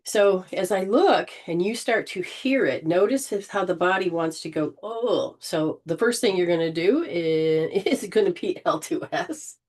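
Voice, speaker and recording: A woman leading an informal spiritual healing session, gently coaching and often restarting her sentences. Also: lowish voice, normal speed, few pauses. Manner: rambling, with frequent restarts and throat clearing.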